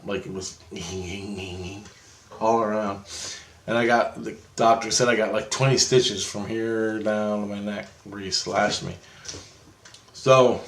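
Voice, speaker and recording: A man's voice: medium pitch, slight background noise. Rambling, profane man in an echoey room. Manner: rambling, profane, animated retelling with self-corrections. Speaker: vlogger. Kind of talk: casual storytelling monologue.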